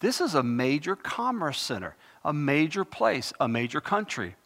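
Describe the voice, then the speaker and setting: A man's voice: on the high side, wildly swooping pitch, moderate pace, hardly any pauses. A man preaching on scripture, reading verses with rising passion and breaking into conversational asides. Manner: impassioned, rising loud when reading scripture. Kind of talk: Bible teaching sermon. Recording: long hall reverb.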